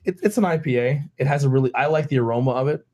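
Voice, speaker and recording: A man from Pennsylvania hosting a beer podcast, telling stories in a relaxed, animated way and acting out the people in them. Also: mid-range voice, racing. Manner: animated, quotes people in raised voices, laughs often. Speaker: podcast host. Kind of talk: casual storytelling chat.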